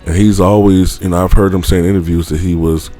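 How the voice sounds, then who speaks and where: A man's voice: low voice, fairly even intonation, fast talker, dark tone, faint music behind. A man vlogger telling a personal story in a rambling, casual way, full of fillers and offhand swearing.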